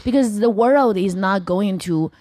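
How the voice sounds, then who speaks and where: A woman comedian, talking bluntly in broken English and dropping shocking jokes deadpan. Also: mid-range voice, unhurried, no echo. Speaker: guest comedian. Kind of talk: casual comedic chat.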